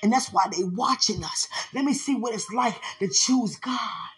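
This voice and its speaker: A woman's voice: a little high, normal speed, slightly rough. A woman preaching a sermon, repeating phrases and building into impassioned pleading. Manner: repetitive, rising into impassioned pleading.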